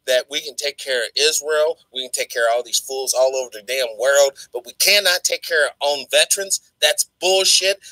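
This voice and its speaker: A high-pitched man hosts a talk show and rants with fire, swearing freely. His voice is bright and sharp, recorded close and dry with no room sound. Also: no room sound, poor audio. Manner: fiery, swearing. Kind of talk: ranting talk show commentary.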